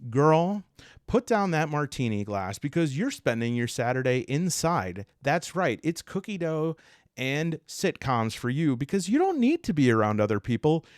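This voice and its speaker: A man's voice: sing-song, normal speed, dry recording, studio quality. A man voicing a sassy, blunt friend who teases in a breezy, brassy way. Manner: sassy and breezy, higher and louder. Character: sassy, teasing gal-pal type, brassy and blunt.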